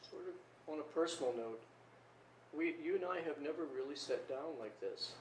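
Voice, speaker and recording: A man interviewing a guest in a relaxed, joking, conversational way. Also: on the high side, normal speed, slight background noise. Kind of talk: casual interview chat. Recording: roomy room, distant mic.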